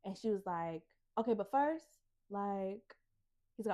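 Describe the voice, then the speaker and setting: A woman's voice: medium pitch, lively intonation, unhurried, dark tone. A woman co-hosting a casual book chat, retelling a plot with lots of "like" and acting out the characters' lines. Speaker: podcast co-host retelling a book.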